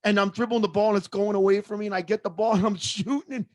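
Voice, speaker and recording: A male sports host with a notably high voice. He chats casually, reacts eagerly and fills in his guest's stories with his own memories. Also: fairly even intonation, darkish tone, no room sound, studio quality. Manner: eager, chimes in with quick reactions. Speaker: show host. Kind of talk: casual interview chat.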